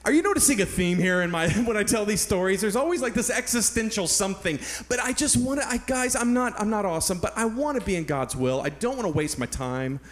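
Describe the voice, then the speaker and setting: A man from San Antonio preaching a sermon, speaking in a somewhat high voice. He tells a personal story in an earnest, animated way. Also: fast, hardly any pauses. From San Antonio, Texas. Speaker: pastor.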